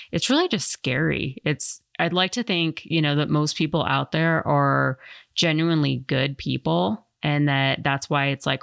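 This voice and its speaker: A woman's voice: sits low, gravelly, no echo, clean studio sound. A woman hosting a podcast and chatting casually, a firearms instructor who rambles with lots of fillers. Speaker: podcast host.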